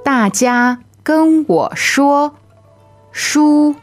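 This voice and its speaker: Woman co-host, Chinese native, slow careful phrases, faint music. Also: sits high, expressive. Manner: slow, careful model pronunciation. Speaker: podcast co-host. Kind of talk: language lesson podcast.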